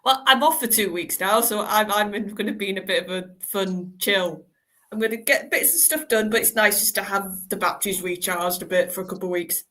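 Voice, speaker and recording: A woman's voice: mid-range voice, brisk, pushed and bright. A woman chatting casually as a podcast panelist, cheerful and laughing a lot. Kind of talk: casual chat.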